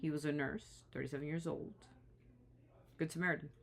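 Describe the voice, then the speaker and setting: A woman's voice: sits low, steady tone, brisk, vocal fry. A woman talking straight to the camera in an impassioned vlog, indignant and pleading, often restarting her sentences. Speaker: vlogger.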